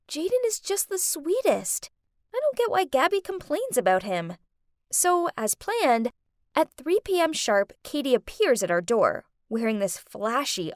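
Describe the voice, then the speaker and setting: A young woman narrating an animated story in first person, in a chatty teen-girl manner. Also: no echo, studio quality. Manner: lively, chatty teen-girl storytelling with quick pitch jumps.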